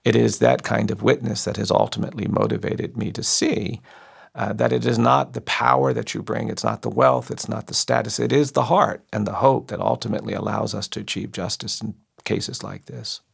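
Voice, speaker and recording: A man, a civil rights lawyer, telling a story slowly and deliberately with measured pauses. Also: fairly low pitch, fairly even intonation, gravelly, husky. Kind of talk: storytelling speech.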